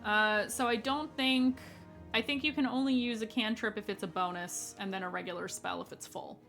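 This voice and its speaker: A woman running a tabletop game as dungeon master, with a bright, clear tone. She explains rulings and checks in with her players in a friendly, casual way. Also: mid-range voice, steady tone, moderate pace, faint music behind.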